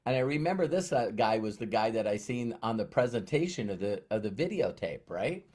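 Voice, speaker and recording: A man's voice: on the low side, sing-song, a little fast, darkish tone. A man giving a motivational talk who tells a personal story, acts out the dialogue, and often repeats words. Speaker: motivational speaker.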